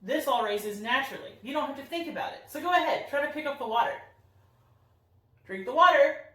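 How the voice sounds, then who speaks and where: With a high, fairly bright voice and lively intonation, a young woman voice coach explains singing technique at a fairly quick pace in an upbeat, friendly demo lesson. The room echoes, as she's somewhat far from the mic.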